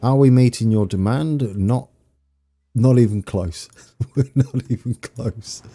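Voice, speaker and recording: A young man with an East Anglian English accent plays a game on stream, chatting casually at a slow pace in a medium-pitched, dark-toned voice. He laughs at himself frequently and greets viewers by name, with faint music behind him.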